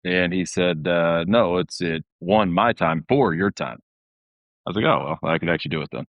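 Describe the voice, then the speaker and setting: A man's voice: low voice, moderate pace, dry recording, highs cut off. A man, a gun maker guest on a podcast, explaining things in a plain, matter-of-fact way. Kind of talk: podcast interview.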